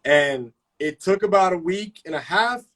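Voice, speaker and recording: A man's voice: high voice, unhurried. Profane, fired-up man telling stories. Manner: profane, animated storytelling with slang. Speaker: host of live chat. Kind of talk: casual live-stream chat.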